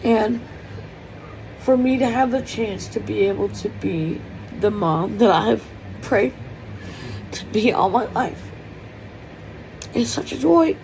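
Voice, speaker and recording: A woman's voice: fairly high pitch, animated, slow, long pauses, a little mellow, slight background noise, rough recording. A woman talking in a heartfelt, tearful personal vlog, rambling with many fillers as she speaks from her kitchen. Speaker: vlogger. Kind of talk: emotional personal vlog monologue. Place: home kitchen.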